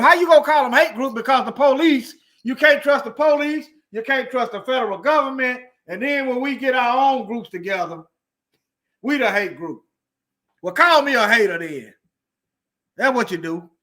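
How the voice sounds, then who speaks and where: Male online commentator, high bright voice, heated and preachy, repeats himself for emphasis. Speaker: commentator reading news. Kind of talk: heated commentary on news articles.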